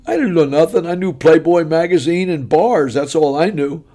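A man giving his personal testimony from the pulpit, telling the story in a punchy, animated, folksy way. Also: on the high side, moderate pace.

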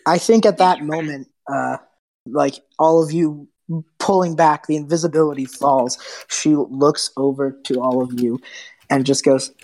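A woman's voice: low-pitched, fairly even intonation, a little slow, darkish tone, low-quality recording. A woman narrating as game master of a tabletop game, friendly and hesitant, with many fillers.

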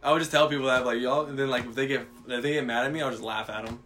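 A man's voice: medium pitch, steady tone, racing, bright, forceful tone, faint music behind. A young man casually telling a profane workplace story, acting out the quotes as he goes.

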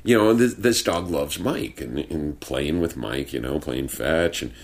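A young man with a very low voice tells rambling stories in casual chat. He swears freely and talks in a laid-back, unhurried way. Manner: profane, storytelling, laid-back drawl. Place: home studio with sound blankets.

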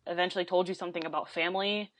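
A woman in her twenties, a podcast guest talking casually, chatty and quick to laugh, with lots of fillers. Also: fairly low pitch, steady tone, no echo. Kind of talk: casual conversation.

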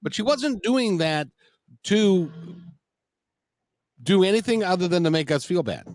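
A man's voice: high voice, sing-song, a little slow, a little mellow, dry recording, studio quality. A man in his sixties, hosting a casual conversation and telling a story with rambling restarts.

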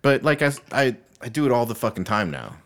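A man's voice: medium pitch, sing-song, a little fast, fairly bright tone. A man co-hosting a podcast, chatting in a laid-back, profane way and chiming in with short reactions. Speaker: podcast co-host. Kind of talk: casual chat.

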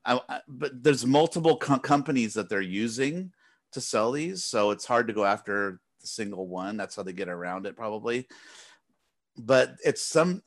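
A man in casual podcast chat, letting off steam in a long profane rant. His pitch sits in an ordinary middle range, and he slips into quick voices for the people he complains about. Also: a bit bright. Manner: profane ranting, mimics others in quotes. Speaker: podcast co-host.

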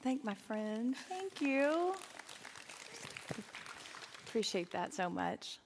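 A woman's voice: a little high, very animated, very slow, background noise. A woman leading a church Bible study from the stage, chatty and asking the audience questions. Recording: hall reverb.

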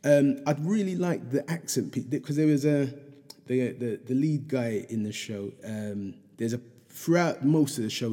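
Husky-voiced man, rambling chat. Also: medium pitch, mellow, big-room sound. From England. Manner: rambling with many fillers and restarts. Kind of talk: casual reflective chat.

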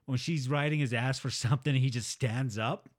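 A man's voice: medium pitch, normal speed. A man co-hosting a comedy advice podcast, laughing a lot and cracking crude jokes. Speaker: podcast co-host. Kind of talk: casual comedic advice chat.

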